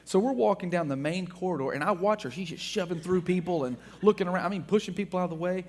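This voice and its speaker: A man from Texas, a guest speaker, telling funny anecdotes to an audience in an animated way. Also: high-pitched, fast. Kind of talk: storytelling talk to an audience.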